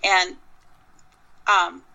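A woman from Minnesota with a bright, gravelly voice that sits a little low. She tells long stories in a relaxed interview, circling back with restarts and fillers as she goes. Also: extremely slow, poor audio. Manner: rambling, with many restarts and fillers. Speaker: Bigfoot researcher guest. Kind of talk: casual interview storytelling.

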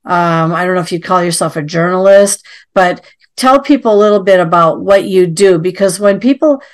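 A woman's voice: fairly low pitch, animated, moderate pace. A woman hosting an interview, asking long, rambling questions full of fillers. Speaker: interview host. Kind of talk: casual interview.

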